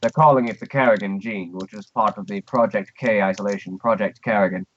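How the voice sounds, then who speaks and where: A man voicing a posh, upper-class British woman informant in a tabletop game, speaking in a measured, formal way with a put-on posh British accent. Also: on the low side, lo-fi sound, lightly acted. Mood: briefing. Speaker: game master voicing a character.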